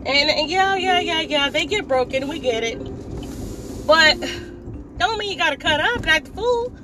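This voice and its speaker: A woman's voice: high-pitched, animated, moderate pace, long pauses, noisy background. A woman giving a casual opinion monologue while driving, sassy and scolding, with frequent laughs. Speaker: vlogger.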